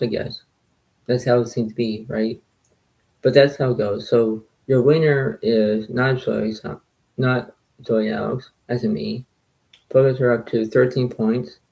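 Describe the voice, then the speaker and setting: A man with a low, gravelly voice talks quietly to his viewers, rambling and repeating himself. His tone stays flat and mellow, close to the mic. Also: poor audio. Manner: quiet, soft-spoken, repetitive and rambling. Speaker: poker video creator. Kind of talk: casual rambling recap to viewers.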